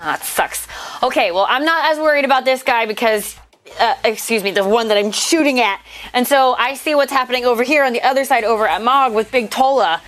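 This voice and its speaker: Excitable woman playing a tabletop game. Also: on the high side, fairly quick. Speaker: player.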